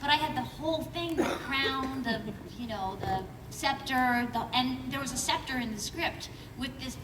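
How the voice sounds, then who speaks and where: A woman on a convention panel, an actor telling an animated audition story with frequent laughs. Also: high voice, moderate pace, few pauses. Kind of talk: panel anecdote. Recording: roomy hall from far off with noise.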